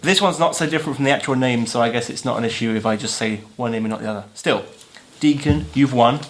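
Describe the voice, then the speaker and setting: A man's voice: medium pitch, steady tone, racing, a bit bright, a little hiss or hum. A man co-hosting a podcast, teasing his friends in a dry way and announcing a giveaway. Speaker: podcast co-host. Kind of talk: casual chat, announcing a giveaway.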